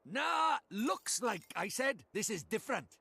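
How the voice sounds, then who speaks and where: An actor voicing a cheeky little fairy sidekick with a Welsh accent, who talks in a chatty, folksy way. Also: male voice, high-pitched, sing-song, measured pace, creaky, sharp tone, breathy edge, no echo, full character voice.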